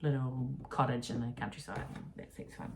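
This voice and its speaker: Chatty low-voiced New Zealand woman. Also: steady tone, moderate pace, background noise. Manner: chatty, self-correcting, laughs easily. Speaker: podcast co-host. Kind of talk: casual chat.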